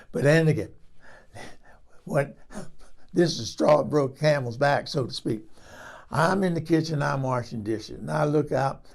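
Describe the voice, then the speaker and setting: A man's voice: fairly high pitch, vocal fry. A man playing a frank older woman who rambles through a comic story and laughs at herself. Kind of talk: comic character monologue.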